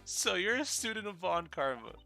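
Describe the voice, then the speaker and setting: A man's voice: high-pitched, big pitch swings, moderate pace, gravelly, sharp tone, faint music behind, voice pushed up, exaggerated voice. A man voicing a teasing, flippant young woman while reading a video game aloud on a live stream. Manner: mocking, flippant.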